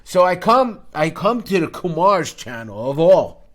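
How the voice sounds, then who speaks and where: A man's voice: sits high, very animated, a little slow, fairly bright tone. A middle-aged man hosting a finance channel, talking in a brash, jokey, rambling podcast style that jumps between topics.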